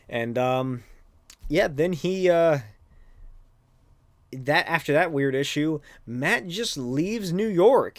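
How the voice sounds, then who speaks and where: A man's voice: mid-range voice, no room sound. Rambling, swearing male podcast host. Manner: rambling, profane, lots of filler words. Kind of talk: casual comic book recap.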